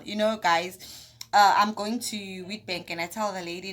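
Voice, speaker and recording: A young woman with a South African accent telling a story to her viewers in a chatty, animated way, acting out the lines of the people in it. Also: medium pitch, moderate pace, slight background noise. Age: young adult. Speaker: vlogger. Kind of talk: casual storytime chat.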